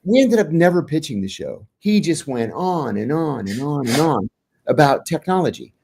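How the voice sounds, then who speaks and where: A middle-aged man with a fairly high voice tells a story as a podcast guest. He jumps into acted-out dialogue and keeps restarting his sentences in an animated way. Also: normal speed, gravelly, slight background noise. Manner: animated storyteller, restarts and fillers, acts out quotes. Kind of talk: anecdotal storytelling in a podcast interview.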